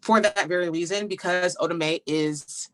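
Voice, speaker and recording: Woman, stage actress, podcast guest, animated, goofy, casual chat, lowish voice. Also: moderate pace.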